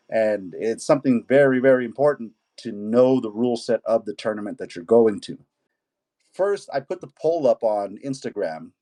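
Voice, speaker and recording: A male martial arts coach hosts a casual podcast in a relaxed, easygoing way. His voice is mellow and dark, and he often restarts his sentences as he talks. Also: mid-range voice. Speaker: jiu jitsu coach and podcast host.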